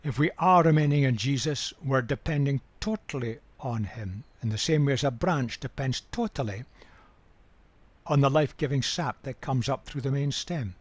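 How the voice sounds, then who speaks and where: An older man giving a Bible study talk, measured and emphatic, repeating key words for weight. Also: mid-range voice, no echo. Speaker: Bible teacher.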